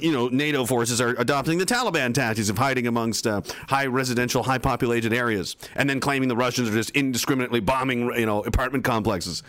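A man's voice: mid-range voice, a bit bright, no echo. A man hosting a livestream, reading viewer comments with mocking, profane sarcasm. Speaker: political livestream host.

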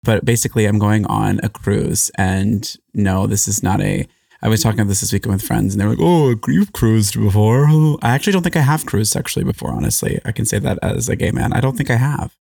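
A man's voice: fairly low pitch, fast, creaky, darkish tone, slightly rough, no echo, studio quality. A young man co-hosting a casual comedy podcast, rambling and correcting himself, laughing often. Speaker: podcast co-host.

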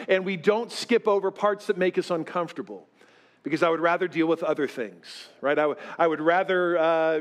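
A man of fifty preaching a sermon as pastor to his church, talking in a loose, self-deprecating way with many fillers. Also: high-pitched. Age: 50s. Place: church sanctuary with live congregation.

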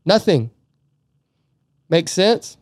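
Brief: middle-aged male podcast host, slightly high voice, dry close sound, earnest and emotional, stumbles and restarts. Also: sing-song, extremely slow, dry recording. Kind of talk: casual faith talk.

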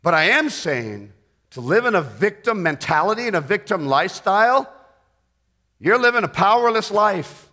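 An older male pastor preaching a sermon, dropping to hushed prayer and then rising into loud, quick storytelling. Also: high voice, very animated.

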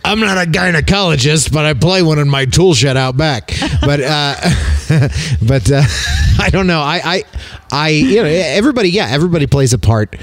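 A man's voice: on the high side, animated, normal speed, no echo. A man hosting a podcast in casual chat, joking around, laughing often and tripping over his own restarts. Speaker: podcast host.

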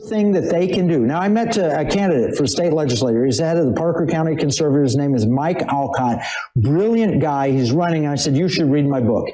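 A man's voice: fairly high pitch, lively intonation, a little fast, dark tone. A man appearing as a guest author in an interview, telling a story in a confident, insistent way. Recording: echoey room.

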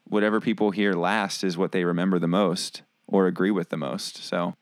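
A man's voice: deep voice, fairly even intonation, moderate pace, clean tone, no room sound. A man co-hosting a podcast, bantering playfully and arguing his point, often restarting his sentences. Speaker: podcast co-host and editor.

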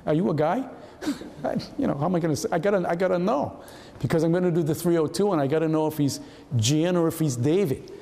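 Older guy in his 70s, gravelly mellow voice, swapping war stories in a big echoey hall. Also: a little high, fast talker. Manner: lively storyteller who acts out quoted voices. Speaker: retired FBI agent guest speaker. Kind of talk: anecdotal storytelling talk. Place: hall at a historical society event.

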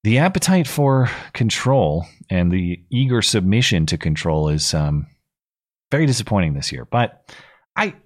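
A man's voice: fairly low pitch, very animated, normal speed. A man in his thirties hosting a live call-in stream, giving blunt, opinionated commentary with frequent restarts. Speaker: call-in show host.

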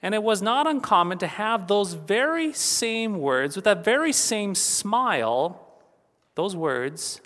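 A pastor giving a funeral sermon, earnest and steady, returning to key phrases again and again for emphasis. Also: male voice, sits high, unhurried, long reverb tail.

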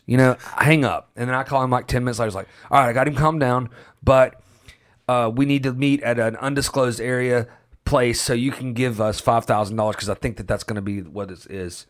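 A man at a middle pitch tells a story to friends in a loose, rambling way. He restarts sentences, swears casually and quotes what others said. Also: fairly even intonation, fairly quick. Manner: rambling, restarts, swears and laughs while telling.

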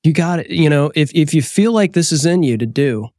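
A man co-hosting a podcast in casual chat, reacting quickly and supportively. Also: on the high side, animated, a little mellow, no echo, studio quality. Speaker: podcast co-host.

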